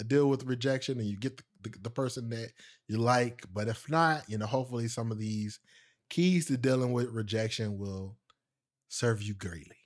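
A man hosting his own podcast, telling a personal story in a casual, animated way, with frequent laughs and asides to his listeners. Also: medium pitch. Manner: speaks straight to listeners. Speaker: podcast host.

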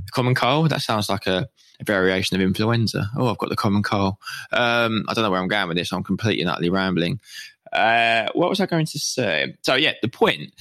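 Excited British man with a low, bright voice. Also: dry recording. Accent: British English. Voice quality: slight lisp. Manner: excited and sweary, calls his own voice a bit whiny. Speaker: podcast host. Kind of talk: rambling solo podcast chat.

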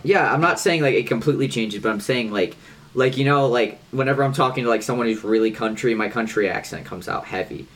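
A man with a Midwestern American accent, co-hosting a casual podcast chat, animated and swearing freely. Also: mid-range voice, fast talker. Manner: animated, swearing, shifts voice up when quoting people. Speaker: podcast co-host.

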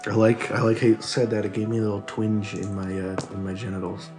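A man playing a tabletop game, relaxed and joking. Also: lowish voice, fast talker, soft background music. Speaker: player.

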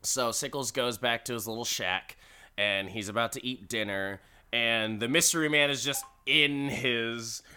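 A man's voice: mid-range voice, measured pace, bright, forceful tone, clean tone. A man casually and crudely recapping a story, rambling and laughing at his own jokes. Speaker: podcast host recapping an episode.

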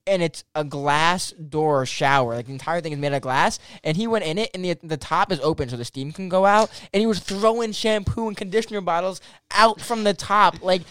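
A man's voice: sits high, fairly quick, few pauses, clear, resonant tone, no echo. A man in his twenties hosting a casual podcast chat, telling stories with lots of laughter and casual swearing. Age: 20s. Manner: animated storyteller, laughs often, swears casually. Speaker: podcast host.

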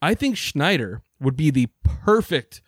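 A man's voice: fairly high pitch, very animated, measured pace, husky, no room sound, studio quality. Heated, profane man ranting on a podcast. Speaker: podcast co-host. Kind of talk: casual sports podcast chat.

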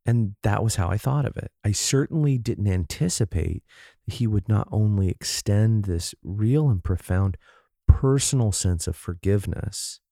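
A man speaks earnestly and reflectively in casual conversation. His low voice is gravelly and mellow, and the recording is dry and close. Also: lively intonation, normal speed, no echo.

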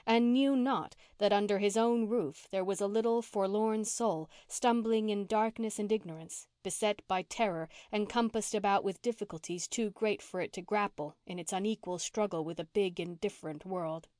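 A woman reading a classic novel aloud as an audiobook narrator, with calm, even storytelling on a close home microphone. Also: medium pitch, normal speed, few pauses, no echo. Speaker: audiobook reader.

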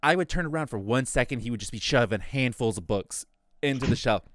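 A man's voice: mid-range voice, expressive, a little fast, no room sound, studio quality. A young man chatting casually on a podcast, telling a long workplace story and acting out his coworkers as he goes. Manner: rambling storyteller, acts out quoted coworkers. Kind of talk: casual chat.

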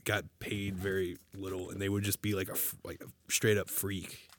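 A man's voice: sits low, flat delivery, moderate pace, no room sound. A man co-hosting a podcast in casual chat, rambling, swearing and laughing between jokes. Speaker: podcast co-host.

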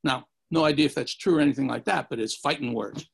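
A man's voice: medium pitch, quick pace, vocal fry, slightly rough. A man telling rambling martial arts anecdotes in a casual chat, acting out the quotes. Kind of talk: casual storytelling.

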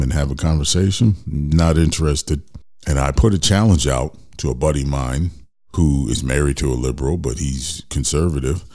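A man's voice: rumbling low, a little mellow. A man hosting an opinion talk show, speaking bluntly and ranting straight to his listeners. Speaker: podcast host.

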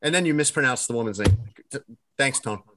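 A man's voice: mid-range voice, expressive, fast, over a noisy crowd. A man co-hosting a podcast, teasing his friends and making dry puns. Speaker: podcast co-host. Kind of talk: casual podcast banter.

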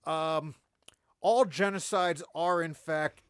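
A man's voice: fairly high pitch, slow, smooth, dry recording. A man co-hosting a casual comedy podcast from a basement studio, rambling and joking with loose swearing. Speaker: podcast co-host.

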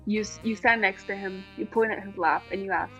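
A woman co-hosting a casual podcast, playful and animated, spinning little scenarios with quick restarts. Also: medium pitch, soft background music, rough recording. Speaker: podcast co-host.

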